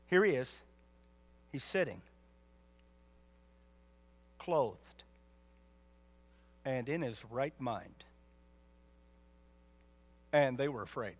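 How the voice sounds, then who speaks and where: A man's voice: mid-range voice, extremely slow, pauses often. A man pastor preaching a sermon with emphatic rhetorical questions and folksy asides.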